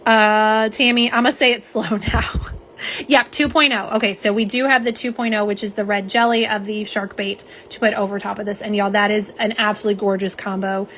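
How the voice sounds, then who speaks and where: This woman's mid-range voice is steady, a bit bright, and a little fast, with some hiss or hum present. She hosts a live nail polish stream, chatting casually to viewers she calls "y'all" and responding to chat comments she reads aloud.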